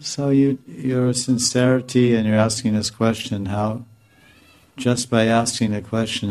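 A man speaking as a spiritual teacher, answering a question in a relaxed, conversational discourse and often stopping to correct himself. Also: lowish voice, moderate pace. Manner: conversational, self-correcting, chuckling now and then.

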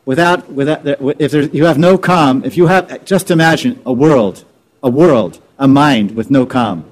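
A man's voice: medium pitch, unhurried. A man teaching scripture informally, repeating and restarting words as he explains terms. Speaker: spiritual teacher.

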